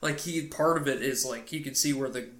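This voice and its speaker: A man's voice: medium pitch, fairly quick, fairly bright tone. Man rambling through a profane movie recap. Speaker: podcast co-host. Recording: roomy echo.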